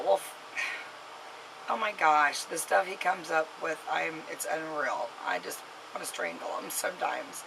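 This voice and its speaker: A woman's voice: deep voice, expressive, measured pace, creaky, sharp tone, slight background noise, rough recording. A mother vlogging to camera, telling a story in a rambling way with many fillers and restarts and giving an earnest, scolding warning.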